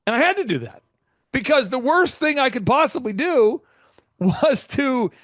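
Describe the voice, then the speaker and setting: A man with a high, bright voice hosts a business podcast and spins anecdotes with playful sarcasm. His delivery leaps up and down in pitch as he builds to a point. The sound is close and dry, with no room around it. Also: moderate pace, no room sound. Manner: animated storyteller, playful sarcasm, big pitch jumps. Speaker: podcast host.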